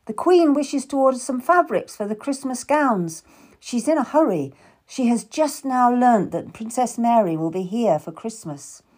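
A woman reading the lines of a spirited young Tudor lady, high-pitched and emphatic in her protests. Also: animated, normal speed, darkish tone. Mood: protesting.

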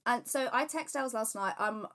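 A woman's voice: fairly high pitch, normal speed, fairly bright tone. A woman co-hosting a casual podcast, chatty and rambling, gushing about her interests. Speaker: podcast co-host. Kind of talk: casual chat.

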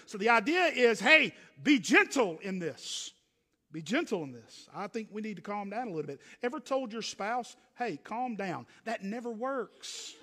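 A pastor preaches from the pulpit in a very high, bright voice, shifting between loud, emphatic delivery and low, hushed asides. The long reverb of a large church hall rings around him.

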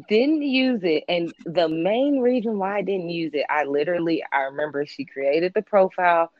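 A woman telling a high school story in casual chat, playfully acting out what people said. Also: moderate pace, no echo, highs cut off. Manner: playful, laughs and acts out quotes.

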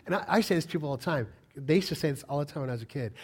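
A man preaching a sermon as a pastor, firing rhetorical questions and swinging between loud emphatic lines and quiet asides. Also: a little high, very animated, quick pace, slightly rough.

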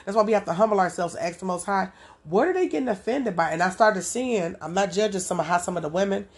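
A woman's voice: medium pitch, quick pace. A woman hosting a podcast, talking in a loose, rambling monologue full of casual asides and repeated "you know what I'm saying.". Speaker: podcast host.

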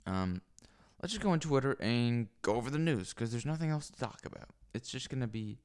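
A man's voice: medium pitch, animated, fairly quick, a little mellow, clear, resonant tone. A man talking alone into a microphone on a stand in a small home room, rambling and crude, with many fillers and restarts. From lives in Los Angeles. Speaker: solo podcaster. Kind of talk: rambling solo monologue.

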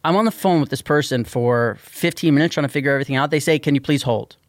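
Profane ranting man, fairly high voice. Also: quick pace, dry recording, studio quality. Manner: animated, profane, exasperated ranting. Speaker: podcast host. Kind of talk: casual storytelling chat.

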